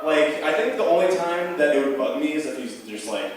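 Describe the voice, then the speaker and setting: A young man doing stand-up at a bar open mic barrels through a profane, rambling story stuffed with fillers, fairly quick and with hardly any pauses. His medium-pitched voice is animated; crowd noise and an echoey bar room heard from far off fill the recording.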